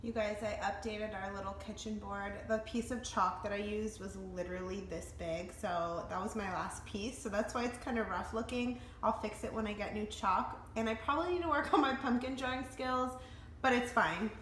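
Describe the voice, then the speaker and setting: A woman's voice: medium pitch, fairly even intonation, moderate pace, fairly bright tone, reverberant, slight background noise. A young woman in a casual home vlog, chatty and upbeat, talking straight to her viewers as she walks between rooms with a handheld camera. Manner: chatty and upbeat, often says "you guys". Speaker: vlogger.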